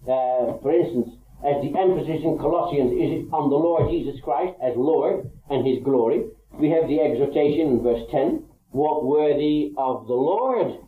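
An earnest male preacher gives a measured Bible teaching sermon, pausing often on small hesitations. His voice sits fairly high. The recording is thin and phone-like, echoing in a roomy space with a faint hiss. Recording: echoey, tinny phone-like old tape.

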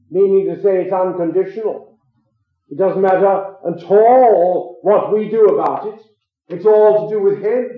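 An older man preaching a sermon, quoting scripture slowly and with emphasis in old-fashioned wording. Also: high voice. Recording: echoey hall on a tinny lo-fi recording.

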